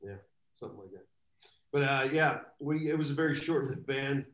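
A man telling rambling, animated anecdotes as a guest in a live video chat. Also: mid-range voice, normal speed, reverberant, low-quality recording. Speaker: guest drummer. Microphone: video call.

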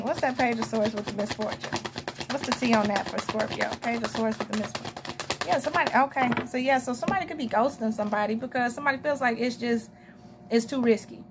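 A young woman with a Southern US drawl talks through a tarot reading, rambling and chatty, breaking off for quick laughs and asides to her viewers. Her voice sits a touch higher than most, and a faint hiss of noise runs under the recording. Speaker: tarot reader. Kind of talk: casual tarot reading monologue.

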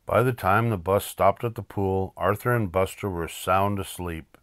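An older man reading a children's picture book aloud in a lively, expressive way. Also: sits low, normal speed, few pauses, no echo, clean studio sound. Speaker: storyteller.

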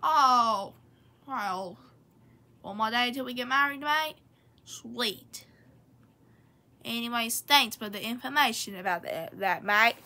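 A woman's voice: a little high, slow pace, long pauses, pushed and bright, heavily acted. A woman playing the country Australia as a character in a playful home role-play, rambling and ending nearly every sentence with "mate". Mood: chatty.

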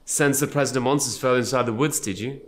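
A man voicing an old male mentor warrior who lectures briskly and a little mockingly. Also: mid-range voice, slight background noise, natural voice.

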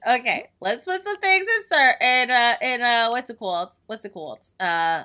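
A young woman gaming YouTuber giving casual, excitable, self-mocking commentary as she plays. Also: a little high, moderate pace, hardly any pauses. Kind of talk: casual let's-play commentary. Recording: faint game music behind.

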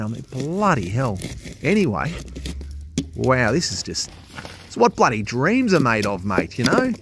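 A man's voice: mid-range voice, big pitch swings, moderate pace, background noise. An Australian man who cleans drains, talking casually and enthusiastically to his camera, full of slang and mild swearing. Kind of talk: casual vlog commentary.

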